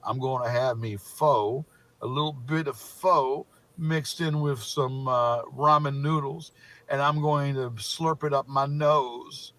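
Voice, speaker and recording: A man's voice: mid-range voice, fairly even intonation, takes it slowly, fairly bright tone. A man putting on a mocking voice as a rambling, repetitive internet troll. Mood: droning mockery. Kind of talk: mocking parody monologue.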